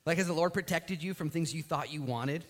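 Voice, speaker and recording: A man preaching a sermon as pastor of a church, telling the story with lively acted-out voices. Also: fairly high pitch, fairly quick.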